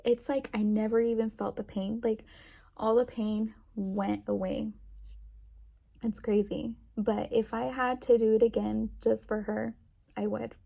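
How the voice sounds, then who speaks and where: A woman's voice: fairly high pitch, flat delivery, a little slow, gravelly, warm tone. A young woman chatting to camera in a rambling way with lots of fillers, emotional and near tears. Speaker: vlogger. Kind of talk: casual chat to camera.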